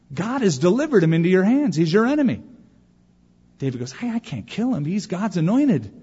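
This pastor's voice is a little high and slightly rough as he preaches, telling stories with energy and performing the voices of the people he quotes. The recording is dull and carries long hall reverb.

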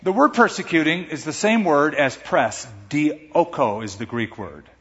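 A male pastor with a fairly high, expressive voice preaches at a measured pace, emphatic and rising to strong peaks, his loudness swinging dramatically. The recording is echoey and dull, muffled by the hall.

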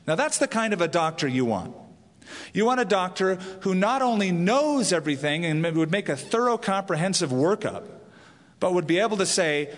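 A man's voice: fairly high pitch, lively intonation, a little fast. Male pastor preaching in a reverberant hall. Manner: explanatory, storytelling. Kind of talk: sermon.

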